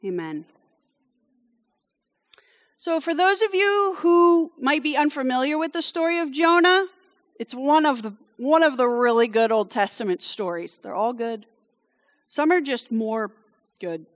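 A woman's voice: high-pitched, expressive, measured pace, pauses often, big-room sound. A woman who grew up in France preaches a conversational sermon. She tells the story casually, with wry asides and frequent "okay?" check-ins to her listeners.

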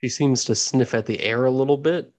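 A man's voice: medium pitch, fairly quick. Man narrating as game master. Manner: loose, filler-heavy description.

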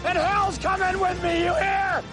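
A man's voice: extremely high pitch, little pitch movement, a little slow. An actor playing a defiant frontier lawman who issues a threatening warning, heard as a film clip. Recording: film clip over loud music.

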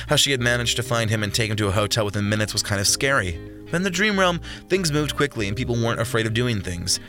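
A man narrating a storybook in a steady, even reading. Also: on the low side. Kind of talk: audiobook narration.

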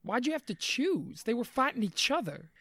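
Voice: mid-range voice, very animated, moderate pace, fairly bright tone. A player in a tabletop role-play game, arguing in character with heated energy.

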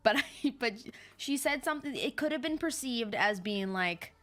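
Bright, giggly woman chiming in. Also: fairly high pitch, animated, normal speed. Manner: giggly, interjecting. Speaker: co-host's partner joining the stream. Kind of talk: casual chat.

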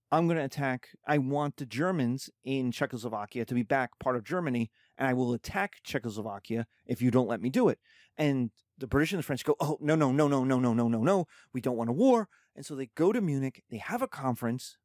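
A man explaining history in a lively, conversational lecture with quick spoken asides. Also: on the high side, dry recording, clean studio sound.

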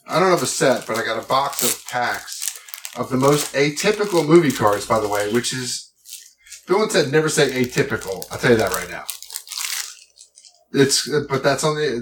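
A man's voice: medium pitch, a bit bright, distant mic, a little hiss or hum, poor audio. A man co-hosting a podcast in casual chat, rambling and often trailing off mid-thought. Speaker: podcast co-host.

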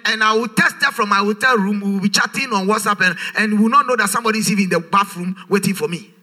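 A man's voice: high-pitched, bright, forceful tone. A man preaching a sermon, emphatic and full of rhetorical questions, his voice rising in a sing-song way. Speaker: pastor.

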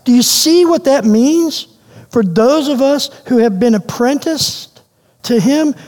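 A man preaching a sermon as pastor, animated and questioning, repeating phrases for emphasis. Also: very high voice. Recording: long hall reverb.

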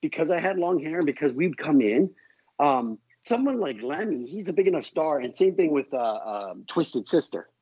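Husky, higher-voiced man telling a story. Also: moderate pace, no room sound, dull audio. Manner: animated, profane, full of asides. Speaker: podcast guest. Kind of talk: casual storytelling.

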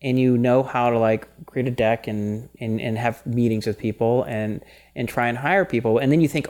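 A man co-hosting a casual podcast chat, animated and rambling, often breaking into laughter. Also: medium pitch, moderate pace. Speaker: podcast co-host.

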